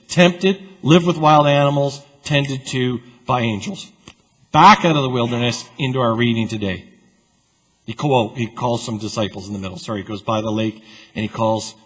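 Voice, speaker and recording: Husky-voiced pastor preaching in a church. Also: male voice, mid-range voice. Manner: conversational, animated storytelling with asides. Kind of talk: sermon. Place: church sanctuary. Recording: long church reverb.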